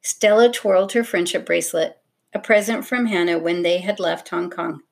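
A woman narrating a children's storybook in a steady, expressive reading voice. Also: on the low side, normal speed, creaky.

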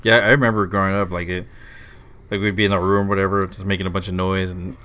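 Fast, bright-voiced man chiming in. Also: low-pitched, level tone. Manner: chimes in with quick agreement and shared memories. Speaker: podcast co-host. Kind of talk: casual chat.

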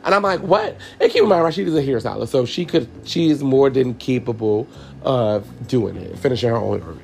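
A man's voice: mid-range voice, animated, brisk, creaky, a little mellow. A man hosting a podcast, telling a personal story in a candid, profane way, tearful as he talks to his listeners. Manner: candid, profane, repeats himself, addresses listeners as y'all. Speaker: podcast host.

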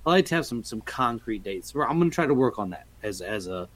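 A man's voice: medium pitch, sing-song, fast talker, crowd noise. A man hosting a casual podcast, talking in a playful, jokey and rambling way. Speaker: podcast host. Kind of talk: casual chat.

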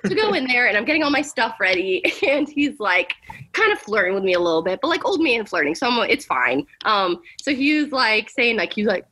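A woman's voice: fairly high pitch, brisk, breathy edge. A young adult woman, an ER nurse, telling funny work stories in casual chat, filling her sentences with "like.". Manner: animated storytelling, lots of "like".

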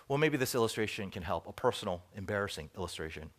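A middle-aged man preaching a sermon as pastor, telling stories and acting out bits of dialogue, then dropping to quiet asides. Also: lowish voice, fast talker, few pauses. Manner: animated storytelling, acts out dialogue, drops to soft asides.

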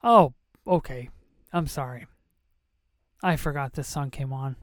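A podcast host reacting emotionally while watching a movie for a commentary episode, excitable and dropping to whispers at moving moments. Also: mid-range voice, unhurried, dry recording, clean studio sound.

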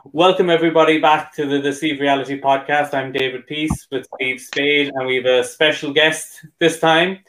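A man's voice: on the high side, fairly even intonation, moderate pace, a bit bright, slight background noise, rough recording. A man hosting a podcast in easygoing casual chat, laughing easily. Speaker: podcast host.

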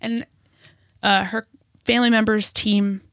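Animated, indignant woman telling a story. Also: mid-range voice, a little slow, dry recording, clean studio sound. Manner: animated, indignant, swears freely. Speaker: podcast co-host. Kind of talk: casual storytelling chat.

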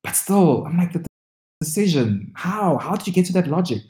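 A co-host chatting in a casual reality-TV recap, exclamatory with quick asides. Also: mid-range voice, big pitch swings, dark tone. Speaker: podcast co-host. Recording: echoey room.

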